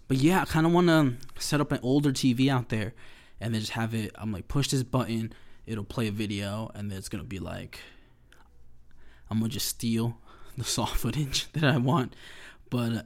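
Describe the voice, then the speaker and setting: A young man rambling casually to the camera, animated and slangy, laughing often, hyped up on sugar. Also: medium pitch. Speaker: vlogger.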